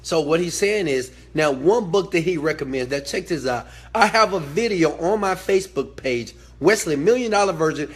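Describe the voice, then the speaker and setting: A man's voice: fairly high pitch, animated, normal speed, hardly any pauses, husky. A man hosting a motivational talk, emphatic and preachy, who hammers phrases by repetition and swears freely. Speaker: host.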